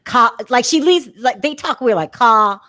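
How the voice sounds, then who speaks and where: A woman hosting a live call-in recap in loose, casual chat. Her voice sits a little high and swings widely in pitch. She is blunt and opinionated and laughs easily. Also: normal speed, dry recording, clean studio sound. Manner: opinionated, animated, laughs often. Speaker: podcast host.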